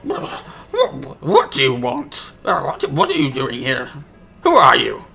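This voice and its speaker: A man voicing an irritable, fussy male mage who talks loudly and brusquely without stopping. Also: mid-range voice, huge pitch swings, unhurried, creaky, soft background music, full character voice. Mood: suspicious. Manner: loud, brusque, nonstop talking. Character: irritable, fussy male mage shouting through his door.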